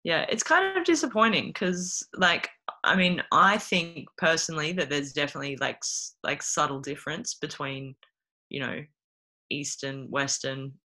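A woman's voice: sits low, lively intonation, normal speed, pushed and bright. A woman with an Australian accent in casual, chatty talk, laughing often. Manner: giggly, chatty, lots of fillers. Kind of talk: casual chat.

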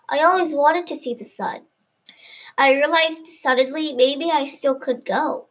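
A woman with a high voice reads a homemade first-person story aloud. She stumbles now and then and corrects herself mid-line. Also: a little slow, fairly bright tone, low-quality recording.

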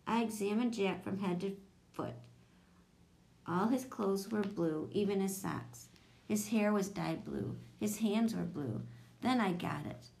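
A woman narrating a children's chapter book in a steady, even storytelling voice. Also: mid-range voice, a little slow, vocal fry. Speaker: audiobook reader.

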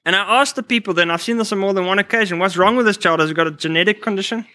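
A man delivers a sermon in a high, bright voice, mixing personal stories with scripture. He restarts phrases often and fills pauses with "uh." The recording is dry and close. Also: no room sound. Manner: storytelling, quoting scripture, many restarts. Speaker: preacher.

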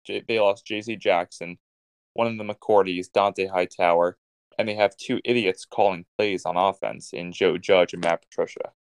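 Smooth low-voiced blunt podcaster man. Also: steady tone, moderate pace, no room sound. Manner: blunt, decisive predictions. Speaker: podcast co-host. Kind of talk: casual sports chat.

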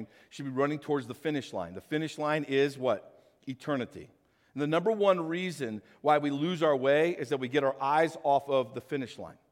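A man preaching a sermon as pastor, emphatic, swinging between loud bursts and quiet asides, recorded in an echoey hall. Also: high-pitched.

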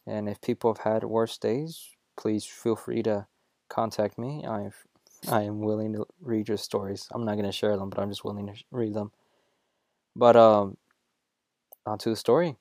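Young man, low voice, show host, casual storytelling, jokey, animated, dry close sound. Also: normal speed, no room sound. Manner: jokey and animated, with self-corrections.

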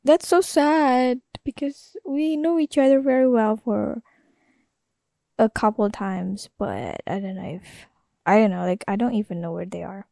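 A woman's voice: a little high, unhurried, gravelly, warm tone, no room sound, studio quality. A young woman from Indonesia, talking in a rambling, casual solo podcast monologue full of fillers and self-corrections. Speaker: podcast host.

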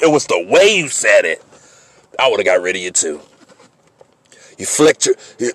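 A man hosting a sports podcast, ranting comically and mockingly, swinging between loud outbursts and low asides. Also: no echo. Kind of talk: comedic sports rant.

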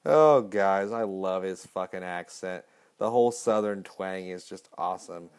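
A man's voice: low-pitched, measured pace, clear, resonant tone. A man casually recapping a movie, rambling and swearing often. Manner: profane, rambling. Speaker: podcast host.

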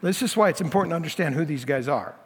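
A man's voice: a little high, expressive, racing, slightly rough. A man preaching as lead pastor, working through scripture in a plain, conversational way in a church sanctuary. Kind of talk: expository sermon. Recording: long hall reverb.

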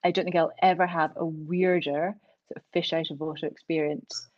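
A woman's voice: low voice, normal speed, no room sound, highs cut off. Laughing middle-aged Scottish woman. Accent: Scottish, Glasgow area. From Scotland. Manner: animated storyteller, laughs often. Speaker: guest. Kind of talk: casual conversation.

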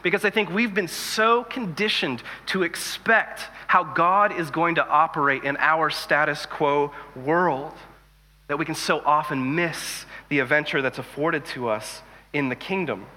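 A man in his thirties preaching a sermon in a relaxed, conversational way, telling jokes and stories. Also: a little high, unhurried. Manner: conversational, animated storytelling with jokes. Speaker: pastor. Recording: long hall reverb.

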